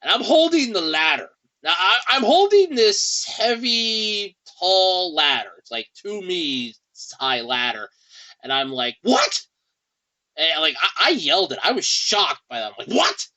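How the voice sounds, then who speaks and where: A man's voice: high voice, sing-song, a little slow, bright, forceful tone, poor audio. A man hosting a podcast in a casual, rambling monologue with a wry tone and lots of fillers, speaking. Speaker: podcast host.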